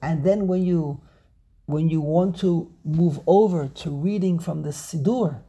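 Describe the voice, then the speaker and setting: Male Torah teacher on a video call, dark and raspy tone, drills pronunciations. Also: on the high side, unhurried. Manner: repeats words, drills pronunciations aloud. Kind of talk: online Torah class.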